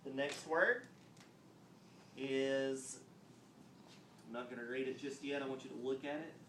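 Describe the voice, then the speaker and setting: A man teaching a phonics lesson on video, explaining step by step and clapping out words slowly. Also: mid-range voice, a bit bright, a little hiss or hum. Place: classroom. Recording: roomy echo, mic at a distance, faint ambience.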